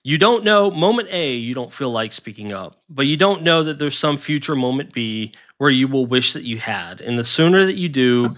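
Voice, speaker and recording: Measured man defending himself. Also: medium pitch, lively intonation, fairly bright tone. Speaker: caller.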